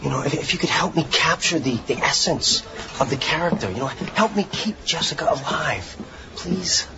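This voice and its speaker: A man's voice: fairly high pitch, animated, normal speed. An actor playing an eager, naive young male actor who talks in an eager, stammering way. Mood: nervous. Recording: dull TV audio with background noise.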